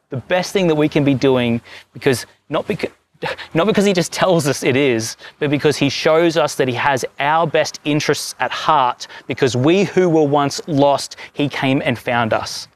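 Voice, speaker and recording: Male preacher, casual stop-start sermon storyteller, middle-pitched voice. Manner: rambling, self-correcting storyteller with many restarts. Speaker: pastor.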